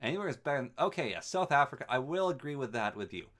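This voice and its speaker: A man from Canada talks casually while streaming a game, rambling through replies to his chat with dry, wry asides. His voice sits at a middling pitch but swings up and down with plenty of life. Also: very animated, quick pace, a bit bright. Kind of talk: casual chat while gaming, answering live chat.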